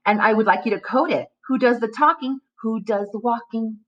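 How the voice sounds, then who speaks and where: A woman teacher giving a recorded phonics lesson to young children, speaking slowly and articulating every sound clearly. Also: a little high, lo-fi sound.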